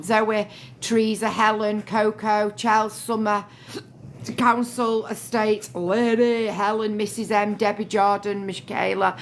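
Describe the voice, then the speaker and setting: A woman's voice: medium pitch, a little hiss or hum. A middle-aged woman, chatting casually on a phone livestream and thanking viewers by name. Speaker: livestream host.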